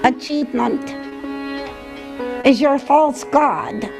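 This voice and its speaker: A woman's voice: high voice, slow, gravelly, music in the background, exaggerated voice. A woman voicing a playful, carefree stuffed toy snail in a puppet comedy skit, teasing and bouncy with a sing-song delivery. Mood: cheeky.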